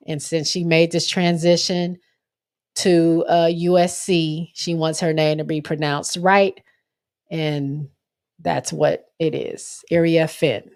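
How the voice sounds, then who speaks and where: A young woman with a slightly low voice hosts a relaxed sports chat livestream. She keeps it loose and chatty, reading viewer comments out loud and correcting herself along the way.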